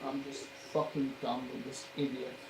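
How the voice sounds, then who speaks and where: Soldering on camera, a maker keeps up a low, muttered commentary full of swearing that periodically explodes into loud profane yelling. He speaks at a moderate pace in a mid-range voice, with steady background noise in the recording.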